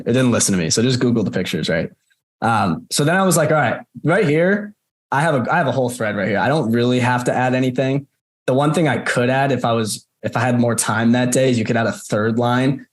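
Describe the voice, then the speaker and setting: A young man coaching a group on a call, casual and chatty, with many fillers and repeated words. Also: mid-range voice. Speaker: marketing coach presenting. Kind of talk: casual screen-share walkthrough on a call.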